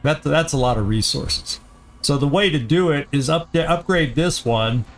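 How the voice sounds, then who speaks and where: A man hosting a let's play, giving casual gameplay commentary as he thinks aloud, often halting and restarting. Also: on the high side, faint music behind.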